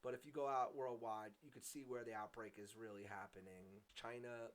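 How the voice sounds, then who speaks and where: A man's voice: mid-range voice, fairly even intonation, moderate pace. A man talking casually to his viewers in a chatty vlog style, with lots of fillers and some self-mocking humor. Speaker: vlogger.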